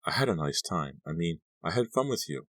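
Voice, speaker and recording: A man's voice: low voice, very animated, brisk, a bit bright, no echo, studio quality, exaggerated voice. A man doing a kittenish teenage girl. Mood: teasing.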